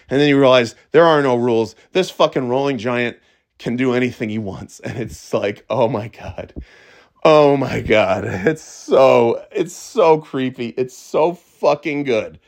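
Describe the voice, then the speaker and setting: Man, middle-aged, casual host chat, excitable, swears a lot, stammering restarts, mid-range pitch. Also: measured pace. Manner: excitable, swears freely, trips over restarts. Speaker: podcast host. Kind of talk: casual monologue.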